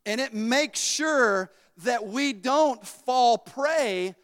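A man preaching a sermon in a church, folksy and animated, telling stories with laughter. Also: very high voice, drawn-out words, in a large hall.

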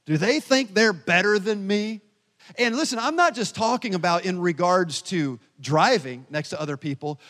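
A male pastor preaching a sermon in a church sanctuary, telling personal stories with animated, self-deprecating humor and chatty asides to the congregation. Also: sits high. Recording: long reverb of a church hall.

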